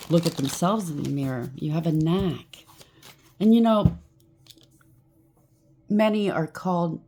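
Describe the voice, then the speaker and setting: A woman with a low, mellow voice gives a chatty collective tarot reading. She rambles, preaches and breaks off into asides as she goes. A faint hiss sits under her voice. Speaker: tarot reader.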